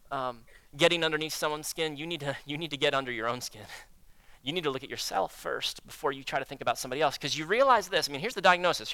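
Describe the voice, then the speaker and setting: Bright, crisp-voiced man preaching. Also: fairly high pitch, no echo. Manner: acts out prayers and inner dialogue with God; swings between loud emphasis and hushed, slow delivery. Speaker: pastor. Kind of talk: sermon.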